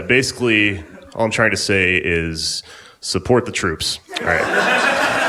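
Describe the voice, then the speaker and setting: A young man doing a stand-up comedy set on stage at a live venue, talking in a laid-back, rambling, offhand way. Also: mid-range voice.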